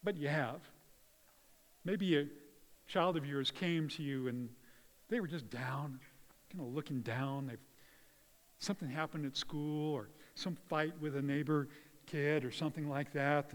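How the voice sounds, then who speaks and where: An earnest male pastor delivering a sermon with a fairly high voice. He drops to hushed, tender tones and then rises to loud emphasis. His words ring with the long reverb of a hall. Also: a little slow, pauses often.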